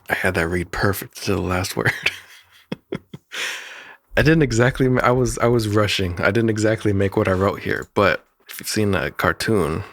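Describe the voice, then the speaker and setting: A man's voice: lowish voice, moderate pace, dry recording, clean studio sound. A man who animates and makes music, talking casually and in a rambling way through how he made a cartoon's sounds, often chuckling and restarting his sentences. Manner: rambling, chuckling, self-interrupting. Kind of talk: production breakdown talk.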